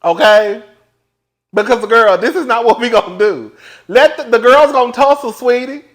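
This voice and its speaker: A man giving a casual, sassy recap of a reality show, laughing often and calling his viewers "girl" while swinging between loud and hushed. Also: extremely high pitch, normal speed.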